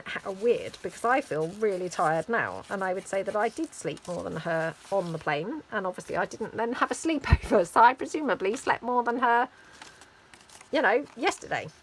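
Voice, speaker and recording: A woman's voice: medium pitch, expressive, moderate pace, a little hiss or hum, rough recording. A woman chatting casually while she crafts, rambling and full of fillers. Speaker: craft vlogger.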